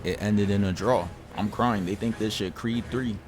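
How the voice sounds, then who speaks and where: A man's voice: on the low side, normal speed, background noise. A man hosting a reaction channel, narrating a fight recap as a voice-over in a slangy, joking play-by-play.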